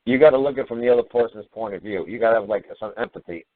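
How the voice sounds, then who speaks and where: A man's voice: fairly low pitch, rapid-fire, a little hiss or hum. A man hosting a call-in radio show, ranting in an exasperated, profane way. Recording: tinny phone-line radio audio.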